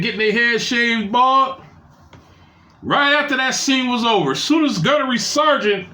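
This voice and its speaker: Animated, bright-voiced man telling crude stories. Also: echoey room. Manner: loose, crude storytelling with shifting pitch. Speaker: storyteller. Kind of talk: casual story time.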